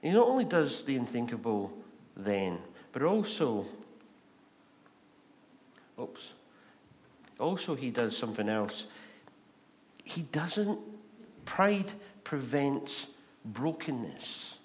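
A man with a Scottish accent preaching a sermon, animated and asking the congregation rhetorical questions. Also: mid-range voice, slow pace, pauses often. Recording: long reverb of a large hall.

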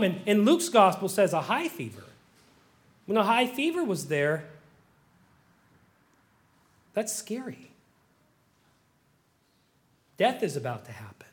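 A middle-aged man delivers a sermon with a notably high-pitched voice. He drifts between hushed, reflective asides and surging, impassioned stretches where he acts out pleading prayers. His delivery is expressive and heartfelt. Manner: swings from quiet musing to loud impassioned pleading. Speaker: pastor.

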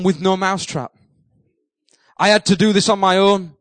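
Middle-aged male preacher, high voice, animated storyteller who mocks himself. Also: normal speed, no echo, poor audio. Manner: animated, self-mocking storyteller who acts out his own panic. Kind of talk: sermon storytelling.

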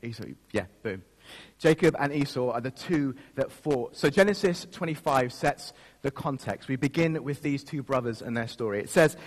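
A man's voice: medium pitch, animated, moderate pace. A man pastor giving a sermon, telling a personal story in a self-mocking way and laughing at himself. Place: church. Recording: long reverb of a church hall.

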